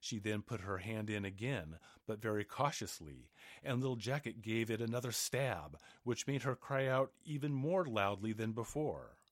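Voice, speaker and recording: A man narrating a fairy tale aloud in an expressive storybook reading. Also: lowish voice, moderate pace, dry recording, clean studio sound. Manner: expressive, animated.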